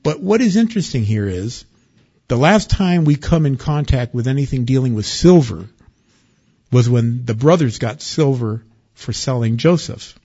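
A male pastor delivering a sermon, his voice husky and mid-pitched. He shifts from loud, eager storytelling to hushed warnings. The recording sounds dull and lo-fi. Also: normal speed. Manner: expressive, swings from loud excitement to quiet warning.

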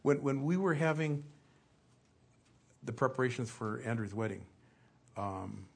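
Man, middle-aged, preacher, sermon, storytelling, conversational, husky voice. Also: mid-range voice, expressive, unhurried. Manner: conversational storytelling with acted-out asides.

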